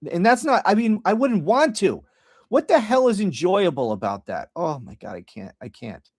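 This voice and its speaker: A man's voice: high-pitched, dry recording, clean studio sound. A middle-aged man hosting a political podcast livestream, ranting bluntly and profanely with frequent restarts.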